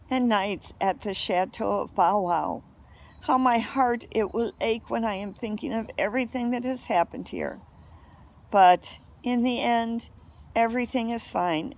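A woman doing a melodramatic lady dog. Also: on the high side. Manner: dramatic. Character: dramatic female dog, flowery foreign-tinged speech.

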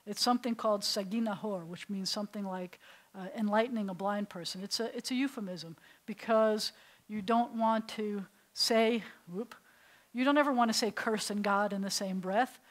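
A woman's voice: mid-range voice, normal speed, rough recording. A middle-aged woman, a rabbi, teaching a beginners' Hebrew class to adults in a synagogue classroom and telling stories as she asks the class questions. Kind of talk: classroom lecture to adult learners.

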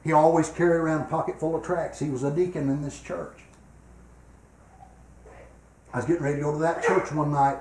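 An older man preaching a revival sermon in a church, swinging between loud, emphatic exhortation and quiet personal storytelling. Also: a little high, steady tone, fairly quick, long pauses, a little hiss or hum. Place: church sanctuary. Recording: echoey church room.

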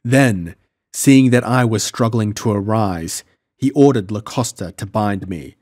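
A man reading an adventure story aloud as an audiobook narrator, in a measured storytelling manner. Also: lowish voice, darkish tone. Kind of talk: scripted first-person narration.

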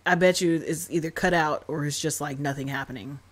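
A young woman talks through a TV episode in a loose, animated reaction style, full of slang and quick laughs. Her voice sits a little low for a woman. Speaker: YouTube reaction host. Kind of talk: casual reaction commentary.

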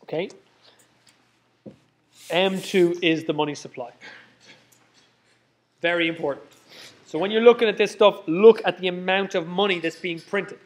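A man with a high, light voice lectures a room of students. He keeps checking in with "okay?", says the main points twice and throws in joking asides. His voice sometimes drifts back from the mic in the lecture hall. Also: moderate pace, pauses often. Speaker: university lecturer. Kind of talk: live lecture.

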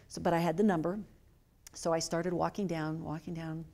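A middle-aged woman speaker telling a personal story to a lecture audience, earnest, with many fillers, dropping to a hush at moving parts. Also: sits low, flat delivery, fairly quick, creaky. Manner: earnest, hushed when moved, many fillers. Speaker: guest speaker. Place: lecture hall.

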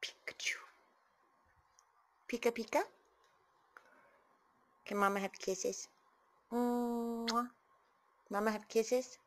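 A woman talking baby talk to her pet bird at home, cooing and sometimes dropping to soft whispers. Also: a little high, steady tone, takes it slowly, long pauses.

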